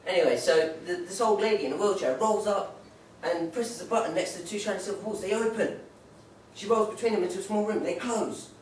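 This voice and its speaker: A young comedian on a pub stage speaks fairly quickly in a high-pitched voice, rambling through jokes and playful put-on voices. The sound is echoey and captured from afar, with a little hiss or hum.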